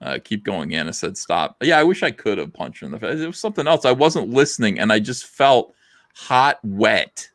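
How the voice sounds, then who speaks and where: Rambling man, lively swings. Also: medium pitch, fairly quick, no echo, clean studio sound. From South Jersey, USA. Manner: rambling, profane, lots of fillers. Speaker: live stream host reading chat. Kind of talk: casual live stream chat.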